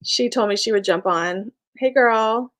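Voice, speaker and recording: A woman's voice: on the high side, unhurried, a bit bright. A young woman chatting casually on a live stream, reading viewer comments, bubbly and laughing often. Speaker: small business owner and live streamer.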